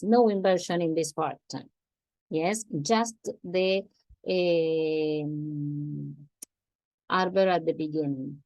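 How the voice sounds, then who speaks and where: Woman, English teacher, unhurried, dry close sound, patient repetition. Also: on the low side, a little mellow, no echo. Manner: patient, repeats examples slowly, checks with "Yes?". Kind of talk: grammar lesson.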